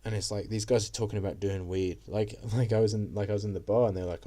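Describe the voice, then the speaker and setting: A man's voice: lowish voice, steady tone, quick pace, dark tone. A young man telling a casual story to camera, rambling with lots of fillers and swearing. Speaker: vlogger.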